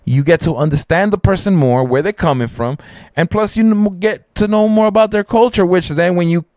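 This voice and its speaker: A man, hosting a live stream and chatting casually, telling animated stories and acting out voices. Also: high-pitched, fairly quick, no room sound, clean studio sound. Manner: animated storytelling, acts out voices, swears a lot. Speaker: streamer host. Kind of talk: casual chat.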